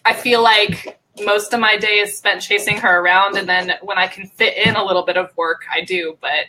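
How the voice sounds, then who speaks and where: Bright-voiced American woman, laughing. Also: mid-range voice, normal speed, poor audio. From Oregon, USA. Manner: laughing, relaxed, many ums. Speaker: guest. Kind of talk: casual live-stream chat.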